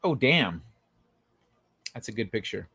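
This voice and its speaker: A man hosts a casual livestream, rambling through tangents with frequent fillers, reading chat comments aloud, laughing often, and swearing freely. His voice is lowish, very animated, and a little slow, with a sharp tone and a breathy edge. There's no echo.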